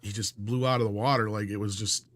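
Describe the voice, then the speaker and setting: A man's voice: fairly even intonation, fast talker, fairly bright tone, no room sound. A man co-hosting a live entertainment-news stream, chatting casually with lots of fillers and trailing off at sentence ends. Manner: rambling, filler-heavy, trails off low. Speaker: livestream co-host.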